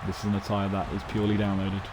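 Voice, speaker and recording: A man streaming a wrestling video game, giving chatty, excitable commentary and predictions. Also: lowish voice, fast talker, noisy background. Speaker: gaming streamer. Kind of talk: casual live-stream commentary.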